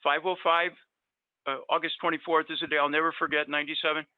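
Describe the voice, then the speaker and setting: The guest dentist, a middle-aged man, speaks fast in a fairly high, level voice, wandering through lengthy personal tales packed with fillers. It's casual storytelling heard over a dry, tinny, phone-like connection with no room sound.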